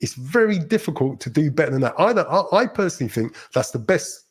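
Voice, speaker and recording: Husky-voiced man talking to his viewers. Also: fairly high pitch, big pitch swings, a little fast. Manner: emphatic, repeats "right?" and "man" to the viewer; rambling, restarts and repeats phrases. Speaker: channel host. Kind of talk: casual live-stream vlog.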